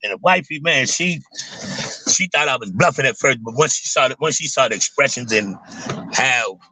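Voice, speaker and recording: A young adult man chatting casually to his viewers, rambling in loose slang and filling every pause with "man" and "you know what I'm saying.". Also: medium pitch, expressive, bright, forceful tone, no room sound, poor audio. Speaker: vlogger talking to viewers. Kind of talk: casual livestream chat.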